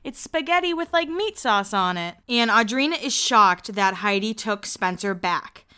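A young woman hosting a podcast and recapping a reality show in casual chat, laughing often and slipping in quick quoted asides. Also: mid-range voice, lively intonation, pushed and bright, clean tone.

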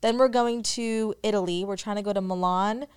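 Brief: young female co-host, smooth clear voice, upbeat casual chat. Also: medium pitch, fairly even intonation, normal speed. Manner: upbeat, listing plans. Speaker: podcast co-host.

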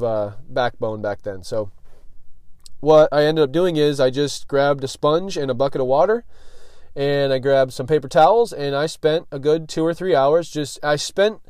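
A man's voice: on the high side, darkish tone, no room sound, clean studio sound. A young man hosting a podcast, telling a personal story in a loose, slangy way, full of "like" and "dude", and swearing freely. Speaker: podcast host.

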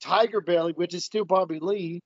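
A man's voice: sits high, fairly even intonation, moderate pace, no echo. A man chatting casually, stumbling and repeating words and laughing often. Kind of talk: casual chat. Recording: muffled dry sound.

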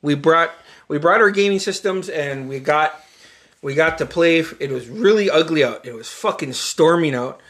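A man with a bright, forceful, slightly high voice tells a rowdy childhood story on a casual podcast. He swears freely and acts out the lines of everyone in the story. His telling is animated and loose. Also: normal speed. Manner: animated, profane storytelling with acted quotes. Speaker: podcast host.

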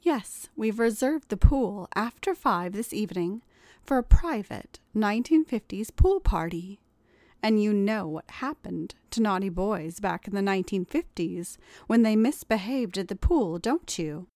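A woman voicing a stern, teasing 1950s-style housewife who talks in a firm, commanding way with slow, deliberate emphasis. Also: mid-range voice, animated, mellow, no echo.

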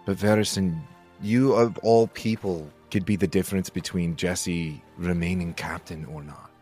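A man playing a tabletop game in character, talking in a measured, earnest way. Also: low voice, fairly even intonation, a little mellow, soft background music. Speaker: player. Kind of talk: tabletop role-play, in character.

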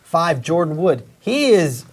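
A man's voice: a little high, very animated, slow pace, breathy edge. A man hosting a casual sports talk show, opinionated and rambling, with many restarts. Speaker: podcast host.

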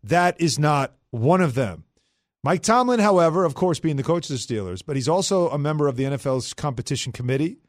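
Brisk male sports radio host. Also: fairly high pitch, lively intonation, no room sound, studio quality. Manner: brisk, emphatic.

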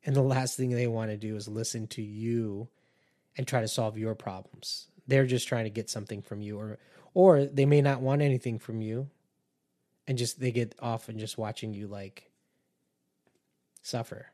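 A man's voice: medium pitch, fairly even intonation, normal speed, dark tone. A man hosting a podcast, talking to listeners in an earnest, conversational way and warning them. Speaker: podcast host and empath coach. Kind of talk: casual podcast monologue.

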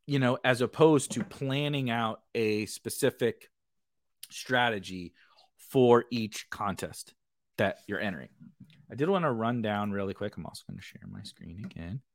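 A man's voice: on the low side, unhurried, dry recording, studio quality. A man hosting a fantasy football stream in a casual, rambling way, restarting sentences and chuckling often. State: has the hiccups. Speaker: fantasy football podcast host. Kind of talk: casual livestream chat.

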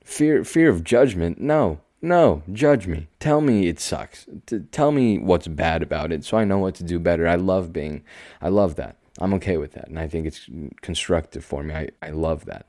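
A young man hosting his own podcast, talking calmly and slowly in a rambling, self-deprecating way. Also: low voice, no room sound, studio quality. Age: young adult. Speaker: podcast host. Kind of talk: casual solo podcast monologue.

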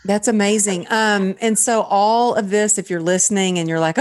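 A woman's voice: medium pitch, steady tone, moderate pace. A woman hosting a podcast interview in a casual, effusive way, full of praise for her guest. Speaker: podcast host.

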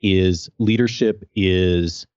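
Deep-voiced man, dull dry recording. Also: steady tone, takes it slowly, darkish tone, smooth, no room sound. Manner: earnest, thoughtful. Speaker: podcast guest, leadership coach. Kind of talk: casual interview.

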